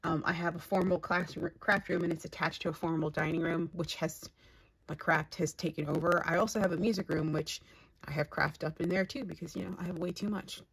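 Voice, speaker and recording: A woman's voice: lowish voice, steady tone, a little fast, gravelly, fairly bright tone, slightly rough, no echo, poor audio. A woman craft vlogger chatting casually at home in her craft room, rambling and gushing as she unboxes gifts.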